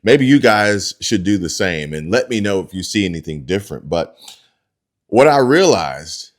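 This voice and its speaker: Male commentary host, very low voice, stumbling, direct-to-viewer monologue. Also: big pitch swings, moderate pace. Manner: addresses viewers as folks, restarts and stumbles.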